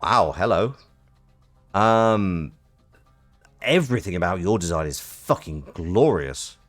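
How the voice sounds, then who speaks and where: A man streaming a game, reading its text aloud and chatting in animated, quick asides. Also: low voice, faint music behind. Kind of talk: casual game playthrough with narration.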